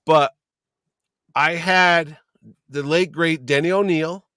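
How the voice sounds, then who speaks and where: A middle-aged man, a convention producer, telling lively anecdotes as a guest and acting out the people he quotes. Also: fairly high pitch, takes it slowly, clear, resonant tone, no room sound, clean studio sound. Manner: lively storyteller who acts out quoted people. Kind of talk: casual podcast chat, anecdotes.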